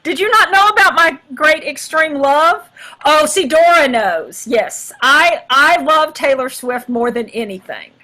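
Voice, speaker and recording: Middle-aged woman, brisk bright voice a bit high, chatty and self-deprecating, casual workshop talk. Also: lively intonation. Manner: chatty and self-mocking, warm thanks. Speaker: national field director addressing volunteers.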